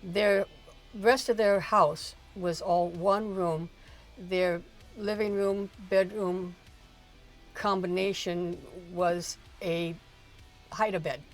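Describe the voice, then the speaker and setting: A woman's voice: lowish voice, fairly even intonation, very slow, faint music behind. Older woman telling a rambling story. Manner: chatty, rambling, frequent restarts and laughs. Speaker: streamer's mother, guest. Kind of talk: casual storytelling chat.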